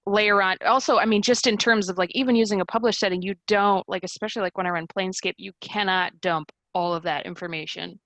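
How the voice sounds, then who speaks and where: A woman's voice: mid-range voice, fairly even intonation, fast talker, hardly any pauses, a bit bright, no echo, poor audio. A woman on a panel of game masters, talking casually with many fillers and light laughs. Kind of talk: panel discussion chat.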